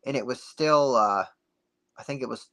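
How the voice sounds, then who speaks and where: A man guest on a podcast, telling a story in a casual, animated way and acting out the dialogue. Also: mid-range voice, moderate pace. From United States. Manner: animated, acts out dialogue with many "like"s.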